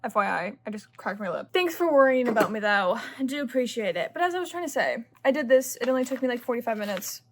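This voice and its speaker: A woman's voice: a little high, very animated, fast talker, few pauses. Chatty young woman vlogging. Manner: chatty and rambling, often whispering late at night. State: sleepy at two in the morning. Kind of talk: casual chat to camera.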